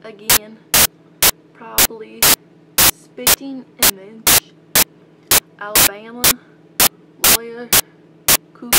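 A woman's voice: medium pitch, fairly even intonation, measured pace, long pauses, over loud music, low-quality recording. A young woman from Georgia with a Southern accent, chatting casually as she reads a list of words and questions aloud, with rambling asides. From Albany, Georgia, US. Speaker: vlogger. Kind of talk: casual accent-tag video. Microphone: built-in laptop mic. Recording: loud hum and static from a laptop mic.

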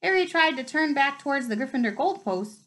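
A woman's voice: high voice, expressive, brisk, fairly bright tone, rough recording. A woman reading a novel aloud, telling it expressively and rising with the action. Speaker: reader.

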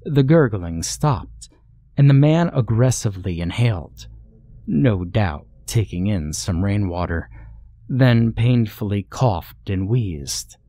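A man reading a horror story aloud in a measured storytelling manner, as the channel's narrator. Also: on the low side, expressive, mellow, no room sound. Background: faint background music.

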